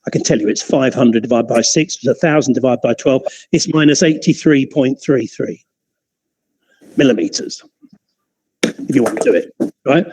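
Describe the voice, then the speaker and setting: Chatty male lecturer, middle pitch. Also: moderate pace, long pauses, a little mellow, breathy edge, poor audio. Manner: chatty and digressive, with frequent restarts and chuckles. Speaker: optics lecturer. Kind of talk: informal classroom teaching.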